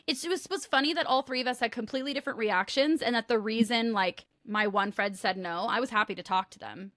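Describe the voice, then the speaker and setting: A woman's voice: fairly high pitch, quick pace, fairly bright tone, dry recording, clean studio sound. A woman hosting a podcast, chatting casually with a friend, telling stories and laughing often. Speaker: podcast host.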